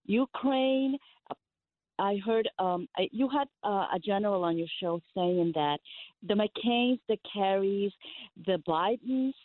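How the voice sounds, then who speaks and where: A woman's voice: medium pitch, measured pace, no room sound. A woman calling in to a talk radio show, speaking in an impassioned, insistent way. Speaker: caller. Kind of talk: call-in radio conversation. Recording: tinny phone line.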